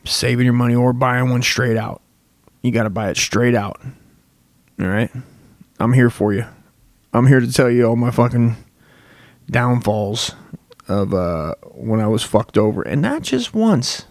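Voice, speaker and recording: A man's voice: medium pitch, darkish tone, no echo. A young man delivers a loose, profane comedic rant as a podcast host, swearing constantly and drifting from one tangent to the next. His voice sits in an ordinary middle register, and he is recorded close on a dry mic with no room sound. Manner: crude, rambling, swears constantly. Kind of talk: rambling profane comedic monologue.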